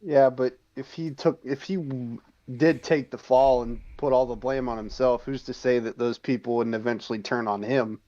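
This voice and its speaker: A man's voice: mid-range voice, fairly even intonation, normal speed, warm tone. A man chats casually on a podcast, mostly reacting in short bursts. His voice comes through a dull, lo-fi mic. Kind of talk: casual chat.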